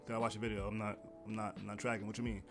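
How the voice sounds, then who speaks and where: A man vlogging seated to camera, telling a story in a casual, animated way and acting out the people he quotes. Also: lowish voice, rapid-fire, vocal fry, faint music behind. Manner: animated, quotes others in raised voice. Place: indoors, seated at home. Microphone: camera mic, seated.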